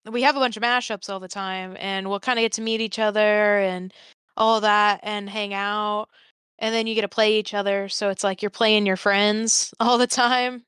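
A woman's voice: medium pitch, fairly even intonation, normal speed, fairly bright tone, smooth, no echo. A woman co-hosting a podcast, talking casually and joking playfully. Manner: playful, laughs and jokes. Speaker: podcast co-host.

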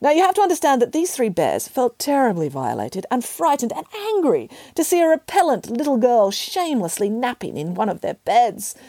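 A woman reading a children's story aloud with a playful, expressive delivery. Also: a little high, brisk, hardly any pauses, dry recording. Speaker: narrator. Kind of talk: audiobook narration.

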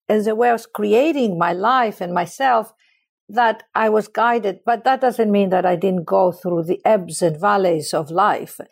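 A woman's voice: medium pitch, gravelly. A middle-aged woman from Greece with a Greek accent, telling stories passionately in an interview. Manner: passionate, expressive storyteller. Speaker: guest. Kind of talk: storytelling in conversation.

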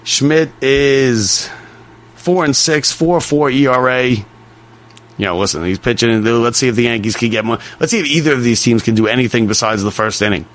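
A man hosting a sports talk show, chatting loosely and piling up quick affirmations. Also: medium pitch.

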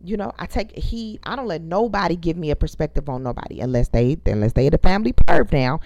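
A woman's voice: low-pitched, expressive, fairly quick, darkish tone, a little hiss or hum. A woman, venting to viewers as host of her own casual talk show, emphatic and profane. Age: 30s. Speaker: podcast host. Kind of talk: casual storytelling rant.

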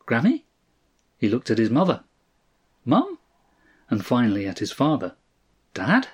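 A man voicing an excited young boy who plays at being a rocket pilot, with shrill, rushed chatter. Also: breathy edge, heavily acted. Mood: puzzled.

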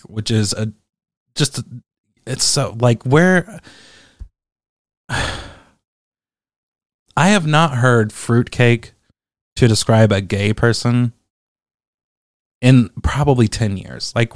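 A man's voice: medium pitch, dry recording. Male commentator, casual rant, profane and exasperated, dry studio sound. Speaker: commentator reading online comments.

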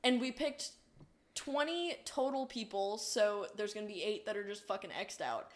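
A young adult woman co-hosting a casual podcast, swearing freely and often breaking into loud laughter. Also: mid-range voice, expressive, moderate pace. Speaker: podcast co-host.

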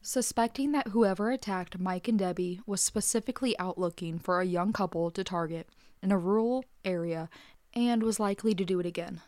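Woman, true crime co-host, lowish voice, relaxed banter, dry close mic. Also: no echo. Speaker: podcast co-host. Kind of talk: true crime podcast narration and chat.

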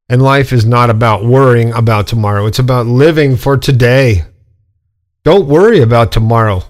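A middle-aged man talks straight into his podcast with blunt, casual, preachy energy. He swears freely, rambling through his advice in an everyday, mid-pitched voice. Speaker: podcast host. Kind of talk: casual monologue.

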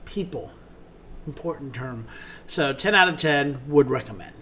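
A man's voice: mid-range voice, moderate pace, bright, forceful tone, a little hiss or hum. A man co-hosting a theater podcast, gushing enthusiastically about shows in casual chat, with many ums.

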